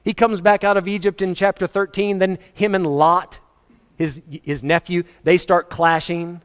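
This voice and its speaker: Male preacher, emphatic storyteller, higher voice, church hall echo. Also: level tone, measured pace, clear, resonant tone. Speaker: pastor. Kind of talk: sermon. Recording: long hall reverb.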